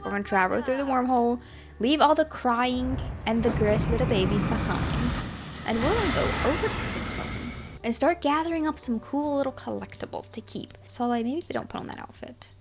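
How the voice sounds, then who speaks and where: A young woman giving chatty, excitable commentary while playing a life-simulation game, often talking to her characters. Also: a little high. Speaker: gaming channel host. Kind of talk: casual gameplay commentary.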